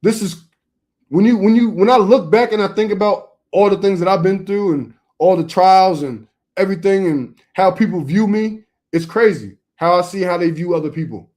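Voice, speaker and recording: High-voiced, emphatic streetwise man preaching. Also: normal speed, darkish tone. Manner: emphatic, streetwise, repetitive phrasing. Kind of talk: informal preaching to camera.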